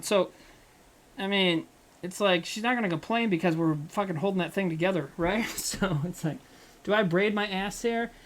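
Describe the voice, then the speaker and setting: A man talks through his cooking on a livestream, loose and off the cuff. He swears often and easily, and jokes between the steps of the recipe. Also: high voice. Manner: rambling, profane and joking. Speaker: comedian streamer. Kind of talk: casual chat while cooking on a livestream.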